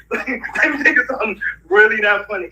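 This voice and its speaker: Bright high-voiced man rambling and laughing. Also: moderate pace, far from the mic, slight background noise, rough recording. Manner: rambling, laughs often mid-story. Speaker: interview guest. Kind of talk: casual rambling talk.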